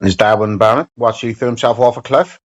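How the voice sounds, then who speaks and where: Male streamer, profane rambling banter, mid-pitched voice, dull lo-fi mic. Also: fairly quick. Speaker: live streamer. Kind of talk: casual stream chat.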